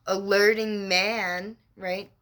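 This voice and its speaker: A woman who works as a spiritual mentor, telling a personal story to camera in an unhurried, reflective and encouraging way. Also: medium pitch, little pitch movement, fairly bright tone.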